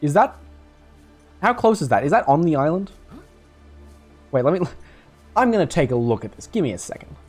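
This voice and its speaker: A young man rambles through gameplay commentary, cracking jokes and swearing. His voice sits a little high and swings widely in pitch. Faint game music plays behind him. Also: big pitch swings, normal speed, long pauses, a little mellow, husky. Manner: jokey, rambling, swears and laughs. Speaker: gaming YouTuber.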